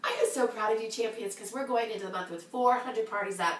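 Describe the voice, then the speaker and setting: A woman in a bubbly, exclamatory team announcement, slightly hoarse from cheering. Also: fairly high pitch, fast talker, recorded from a distance, slight background noise. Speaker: sales team leader. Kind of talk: upbeat team announcement video. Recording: echoey room, voice from off-mic.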